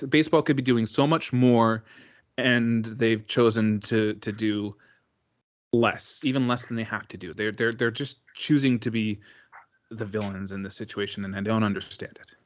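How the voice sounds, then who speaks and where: A man co-hosting a sports podcast in casual chat, talking in halting bursts full of restarts and repeated words. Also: fairly low pitch, dull audio. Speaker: podcast co-host.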